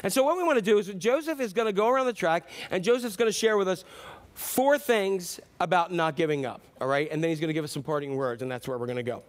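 High-voiced man preaching a sermon. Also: animated, fast. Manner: storytelling with acted-out quotes. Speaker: pastor.

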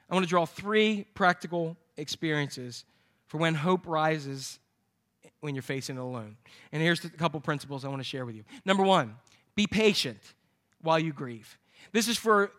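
A man's voice: a little high, bright, forceful tone. A man preaching a sermon, telling a scripture story with jokes to his congregation. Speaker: pastor.

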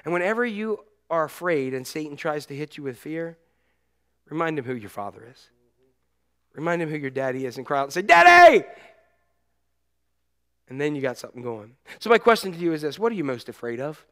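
A middle-aged man preaching a sermon as a pastor, telling stories with animated energy and shouting out the cries he quotes. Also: fairly high pitch, fast.

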